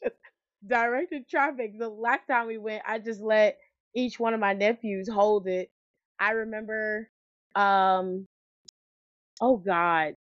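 A woman co-host chatting casually in an enthusiastic, rambling way at a middle pitch. Her recording sounds dull and dry, with no room echo. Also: fairly even intonation, slow. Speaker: podcast co-host. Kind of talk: casual chat.

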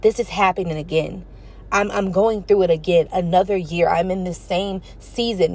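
A woman hosting a Bible study podcast, preaching in a casual, slangy and animated way. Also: medium pitch, slightly rough.

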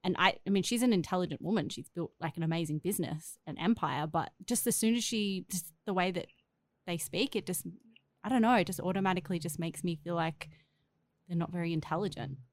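A woman's voice: lowish voice, fairly quick, no room sound. Woman co-host with a dry, close sound. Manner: frank, hesitant opinions. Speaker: podcast co-host. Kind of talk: casual podcast chat.

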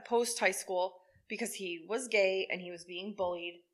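Bright-voiced woman telling a story. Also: mid-range voice, normal speed. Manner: storytelling, profane and wry. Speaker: podcast co-host. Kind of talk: casual true-crime chat.

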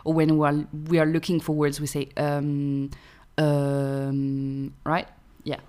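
A woman's voice: sits low, flat delivery, fairly quick, mellow. A French woman with a French accent, giving an online French pronunciation lesson and patiently checking in with her listeners. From France. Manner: explains patiently, often checks with "right?". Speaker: French teacher.

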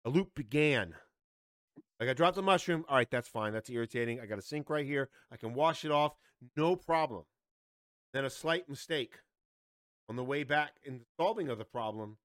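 A man's voice: mid-range voice, expressive, normal speed, pauses often, a bit bright, no echo, clean studio sound. A man in his forties telling a story in casual podcast chat, swearing a lot and growing heated. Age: 40s. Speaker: podcast co-host.

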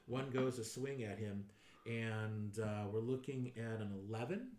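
A man running a tabletop game as game master, narrating lively and acting out sound effects. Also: lowish voice, unhurried. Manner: animated, acts out sound effects and blurts out enemy lines. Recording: roomy echo, faint noise.

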